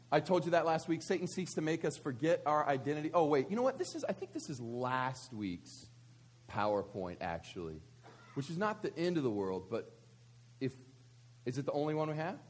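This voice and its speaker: A pastor preaching a conversational sermon at a church service, asking many rhetorical questions. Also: male voice, a little high, sing-song, moderate pace, darkish tone.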